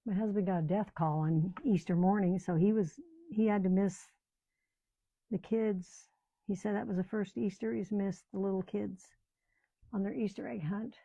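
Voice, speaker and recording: A woman's voice: mid-range voice, steady tone, moderate pace, vocal fry, dark tone, muffled recording. An older woman chatting casually as she crafts at home, rambling and often trailing off mid-sentence. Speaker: crafting channel host. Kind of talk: casual chat while crafting.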